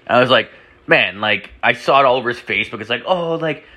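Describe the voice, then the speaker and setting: A man's voice: mid-range voice, lively intonation, fast, sharp tone. A young man telling a crude story in a rambling monologue at home, full of "like" fillers and swearing, while drinking. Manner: rambling, heavy filler "like", profane. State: drinking whiskey. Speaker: podcast host. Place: home room with door open.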